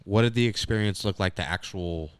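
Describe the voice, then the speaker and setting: A man's voice: on the low side, brisk, clean tone, no room sound, studio quality. A man hosting a podcast, asking chatty, leading questions in a casual interview. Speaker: podcast host.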